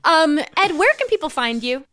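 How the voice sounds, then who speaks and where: Podcast lady chatting, bright voice, teasing, giggles a lot. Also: high-pitched, sing-song, moderate pace. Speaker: podcast co-host. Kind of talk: casual chat.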